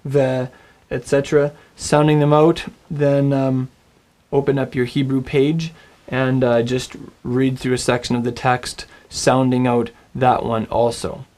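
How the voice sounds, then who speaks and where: A man's voice: mid-range voice, little pitch movement, measured pace, darkish tone. Encouraging male Hebrew teacher. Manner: friendly, encouraging, models pronunciation aloud. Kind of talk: recorded language lesson.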